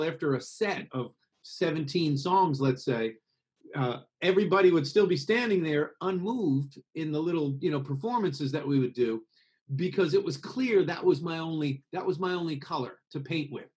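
Expressive American man teaching about voice. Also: on the high side, moderate pace. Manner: expressive, acts out voices to make points. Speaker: singing teacher being interviewed. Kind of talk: conversational interview over a call.

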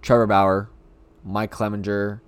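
This man's voice is lowish, smooth and clear, with a flat delivery and a slightly slow pace. He rambles alone as a frustrated fan in casual sports talk, repeating himself, recorded dry and close with no echo.

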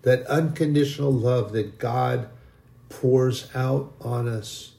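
A man's voice: medium pitch, fairly even intonation, slow, creaky, dark tone. A man preaching a sermon in an impassioned, repetitive way, leading a spoken prayer.

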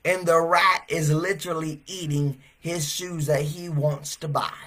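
Brief: male evangelist, high voice, revival sermon, animated, builds to shouts. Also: unhurried. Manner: animated storytelling, swelling to shouts.

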